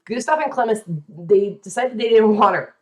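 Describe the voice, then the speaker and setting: A woman hosting a podcast, telling a true story in a casual, dramatic way, with asides and quick voices for the people in it. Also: a little high, animated, darkish tone.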